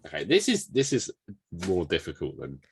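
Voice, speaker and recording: A man co-hosting a podcast in casual chat, animated, telling anecdotes and joking around. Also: low voice, moderate pace, a little hiss or hum. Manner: animated, tells anecdotes, does impressions. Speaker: podcast co-host.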